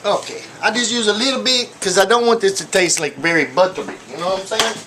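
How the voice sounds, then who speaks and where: High-voiced joking man in echoey kitchen. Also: quick pace, noisy background. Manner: rambling and jokey, with many fillers and asides. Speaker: cooking show host. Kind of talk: casual comedic cooking demo. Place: home kitchen. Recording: echoey kitchen, far from mic, clattering pans. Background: clinking dishes, pots and cutlery.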